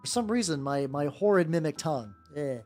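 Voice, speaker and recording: Rambling man with a lively voice. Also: fairly high pitch, a little fast. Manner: rambling, stumbling self-corrections. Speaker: VTuber streamer. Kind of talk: casual livestream chat while painting miniatures. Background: soft background music.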